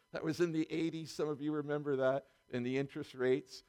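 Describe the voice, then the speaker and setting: A man's voice: fairly high pitch, fairly even intonation, normal speed, warm tone, smooth. A middle-aged man preaching a sermon in a conversational way, full of restarts and small chuckles.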